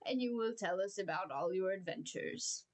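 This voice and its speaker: A woman voicing a stern, gruff old male badger in a read-aloud storybook, speaking firmly with a low growl. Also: moderate pace, lightly acted. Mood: hearty. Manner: growling, firm, then gentle.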